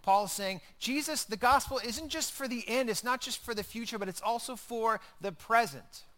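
A man delivering a sermon with a high, bright voice. He preaches conversationally and drives his points home with repeated phrases. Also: moderate pace. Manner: conversational preaching with emphatic repetition. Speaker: pastor.

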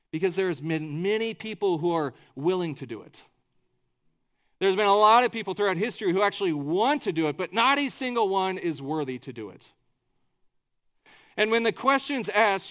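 Guy preaching a sermon, fairly high voice, dramatic, keeps tossing questions at the crowd. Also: fairly bright tone. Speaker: pastor.

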